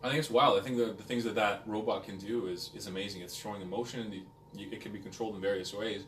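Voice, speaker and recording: Low-pitched fast talker, animated podcast guest, distant roomy mic. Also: male voice, a little hiss or hum. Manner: rapid, animated opinions. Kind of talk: casual podcast chat. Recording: roomy room, distant mic, faint ambience.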